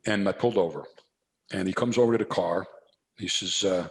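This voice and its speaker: A man's voice: sits low, brisk. An older man from New Jersey, a podcast guest, telling a story and acting out both sides of the talk. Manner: animated storyteller acting out dialogue. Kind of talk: casual storytelling interview.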